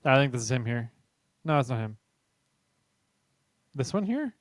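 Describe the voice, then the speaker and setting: A man's voice: mid-range voice, very animated, moderate pace, no echo, studio quality. A man hosting a podcast, chatting casually and retelling a funny story with laughter. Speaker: podcast host.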